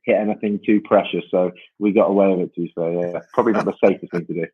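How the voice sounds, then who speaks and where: A man's voice: sits low, fairly even intonation, quick pace, slightly rough, narrow, tinny audio. A man from the UK, a rugby player guesting on a podcast, modest and good-humoured. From United Kingdom.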